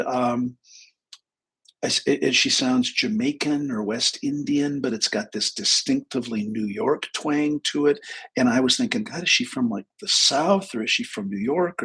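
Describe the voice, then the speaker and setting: A man's voice: medium pitch, creaky, a bit bright, slightly rough, low-quality recording. A man in his sixties hosting a live talk stream, telling a rambling personal story full of asides and self-corrections. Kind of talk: casual anecdotal storytelling.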